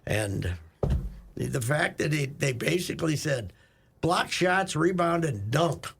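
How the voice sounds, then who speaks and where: A man's voice: a little high, animated, unhurried, vocal fry, a bit bright, slightly rough. An older man hosting a radio show, telling rambling sports newsroom stories and laughing often. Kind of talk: casual sports talk and storytelling. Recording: noisy studio recording.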